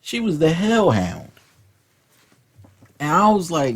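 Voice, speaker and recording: A man's voice: a little high, wildly swooping pitch, slow, long pauses, husky. A man telling a profane, rambling story from his school days in a casual rant, often repeating words. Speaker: vlog host.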